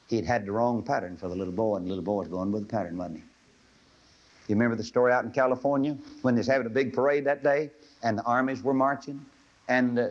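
Fervent preacher on old radio. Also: male voice, on the low side, slightly rough. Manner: fervent, folksy, builds to emphatic pleading. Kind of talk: sermon. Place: live sermon before an audience. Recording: dull lo-fi old radio broadcast.

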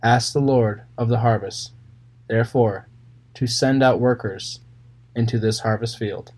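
A man's voice: medium pitch, a little slow, a little mellow. A man reading Bible passages aloud, then explaining them in plain, casual words with fillers and small restarts. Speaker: Bible reader and commentator. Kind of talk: casual scripture reading with commentary.

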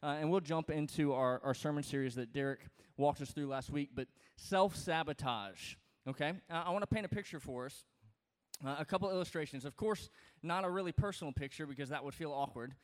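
A man from Louisiana, speaking, preaches to his congregation in a loose, joking, conversational way. His voice sits a little high and comes across smooth and resonant. The sound carries a long, reverberant tail from a large church hall. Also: a little fast. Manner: conversational, joking, lots of fillers and restarts. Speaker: pastor. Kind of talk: sermon.

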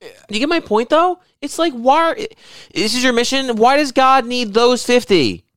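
A young man co-hosting a casual comedy podcast, rambling and swearing as he riffs with rising excitement. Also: very high voice, normal speed, dry recording. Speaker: podcast co-host.

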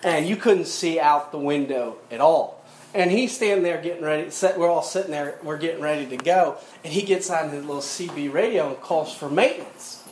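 A man's voice: a little high, fairly quick, a little mellow, slight background noise. Guy preaching a sermon, tells stories, chuckles, church echo all around. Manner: storytelling with quoted scripture and chuckles. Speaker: pastor. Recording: echoey room.

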